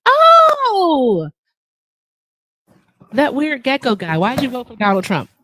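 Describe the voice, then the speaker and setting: A woman's voice: sits high, huge pitch swings, takes it slowly, pushed and bright, no room sound. A woman hosting a casual livestream, chatty and playful with a teasing manner. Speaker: livestream host.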